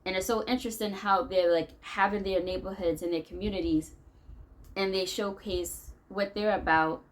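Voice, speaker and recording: A woman's voice: mid-range voice, steady tone, moderate pace, rough recording. An American woman vlogging, talking her thoughts through in a loose, rambling way. Her tone is conversational and unscripted, the kind of venting talk that circles back on itself. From United States. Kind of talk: venting monologue.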